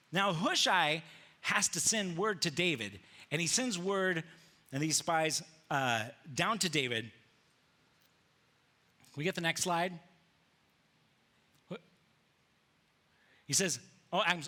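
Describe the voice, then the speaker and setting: A pastor with a bright, forceful voice, sitting a little above the usual male range. He preaches in a lively, casual storytelling style, jumping into the characters' voices and dropping modern slang as he goes. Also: a little high. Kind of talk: sermon. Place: church sanctuary with slides.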